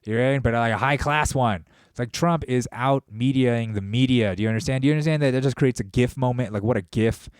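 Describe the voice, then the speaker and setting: A man hosting a podcast, delivering a profane, rambling, animated monologue. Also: mid-range voice, fast talker, clean tone, dry recording, clean studio sound. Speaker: podcast host. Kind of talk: casual monologue.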